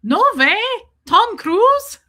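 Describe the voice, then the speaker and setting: A woman's voice: very animated, moderate pace, sharp tone, heavily acted. A woman voicing a sweet, sassy female jeweler in her sixties with an elegant, lilting manner. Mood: delighted. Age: 60s. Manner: elegant, cheerful, high and lilting.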